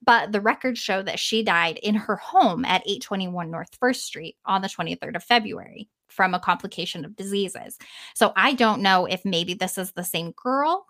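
A woman podcast host casually retelling a story in an animated way, swearing freely and trailing off now and then. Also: medium pitch, moderate pace.

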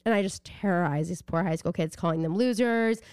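A woman's voice: on the low side, a little fast, clear, resonant tone, no room sound, studio quality. A woman in her twenties, a podcast co-host in casual chat, telling a story with a lot of energy and cursing freely. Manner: animated storytelling, swears freely.

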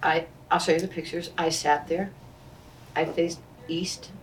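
A woman in her sixties tells her stories with a low voice, slipping into the voices of the people she quotes. The mic sits some way off, so she sounds a little distant. A faint hum of ambience lies underneath. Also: measured pace. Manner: animated, acts out quoted speech. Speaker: interview guest. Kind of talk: conversational storytelling.

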